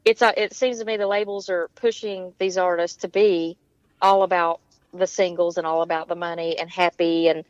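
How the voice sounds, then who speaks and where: A woman's voice: on the low side, level tone, moderate pace, no echo, highs cut off. A woman with a Southern American accent, chatting on a radio show as a guest, giggly and talkative. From Georgia, USA. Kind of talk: casual radio chat.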